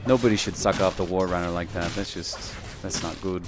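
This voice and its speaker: Laid-back male esports caster, lowish voice. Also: fairly quick, music in the background. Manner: casual, joking, chatty between plays. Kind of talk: live play-by-play commentary.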